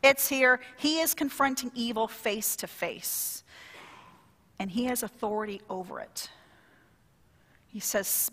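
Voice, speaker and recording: A woman pastor preaching a sermon in a lively, conversational way, drawing call-and-response from the congregation. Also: on the high side, slow pace, long pauses, long reverb tail.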